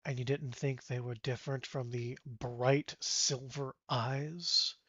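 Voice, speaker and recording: A man voicing a wrathful undead male knight who speaks low, quiet and threatening. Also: fairly even intonation, takes it slowly, no room sound, lo-fi sound. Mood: cold menace.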